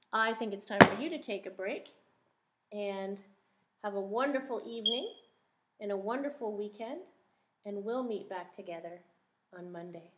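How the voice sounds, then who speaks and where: A woman teacher reading a picture book aloud to young children, stretching and stressing single words in a sing-song way and asking them gentle questions. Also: mid-range voice.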